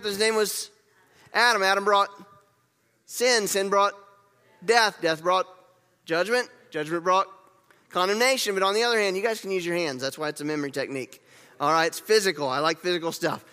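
A man preaching a sermon, lively and repetitive, leading the congregation in gestures and call-and-response. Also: sits high, moderate pace, clean tone, in a large hall. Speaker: pastor.

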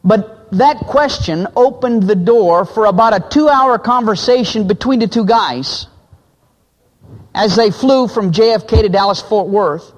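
A man's voice: measured pace, big-room sound, highs cut off. A man preaching, telling illustration stories and acting out the quoted voices of the people in them. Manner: acts out quoted voices, drops low for men's lines. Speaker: pastor. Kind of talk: sermon illustration storytelling.

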